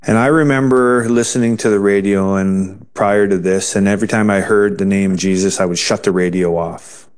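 A man telling his conversion story in an interview, earnest and halting, often restarting his sentences. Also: lowish voice, steady tone, darkish tone. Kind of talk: personal testimony in an interview.

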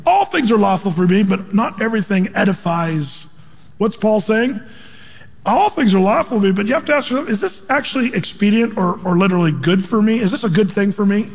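A man preaching a sermon as pastor, with a high voice. He quotes scripture and acts out the voices of the people he describes. The sound carries a long reverb from a church hall. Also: brisk. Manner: animated preaching, quoting scripture and acting out voices.

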